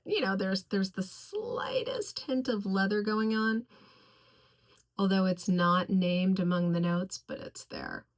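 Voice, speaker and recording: Woman, fragrance reviewer, unhurried, gushing, slightly low voice. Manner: effusive, gushing about scents; slow, deliberate listing of notes. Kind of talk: casual product review.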